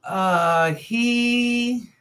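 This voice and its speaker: A woman hosts a live psychic reading show and answers viewers' questions one by one. She talks slowly and casually, thinks out loud and repeats herself as the answers come to her. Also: a little high. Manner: chatty and informal, thinks aloud, repeats phrases. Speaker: psychic reader and show host.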